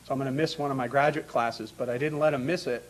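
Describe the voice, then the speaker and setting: A man's voice: mid-range voice, fairly even intonation, fast talker, low-quality recording. A man introducing a panel at an academic conference, talking off the cuff with many fillers and restarts. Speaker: academic moderator.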